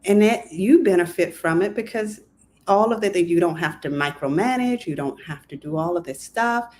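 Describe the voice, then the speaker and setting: A woman's voice: on the low side, normal speed, a little mellow, slight background noise. A woman co-hosting a podcast who chats casually and rambles, often saying "I mean". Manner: rambling, says "I mean" a lot. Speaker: podcast co-host.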